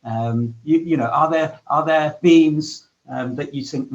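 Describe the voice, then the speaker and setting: A man chairing an online panel, who speaks hesitantly with many pauses and restarts. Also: fairly high pitch, expressive, muffled recording.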